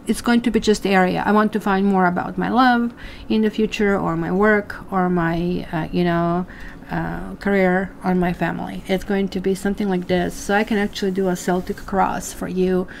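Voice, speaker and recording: A tarot reader with a lowish voice and vocal fry chats through a live reading, peppering it with fillers and asides and calling her viewers "guys." There's slight background noise.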